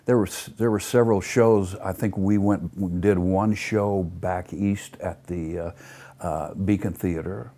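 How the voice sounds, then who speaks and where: A man's voice: low-pitched, unhurried. A man telling tour stories in a casual interview, acting out the people he quotes and swearing freely. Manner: animated storyteller acting out quotes, many fillers; profane, blunt. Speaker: interview guest. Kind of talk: casual storytelling.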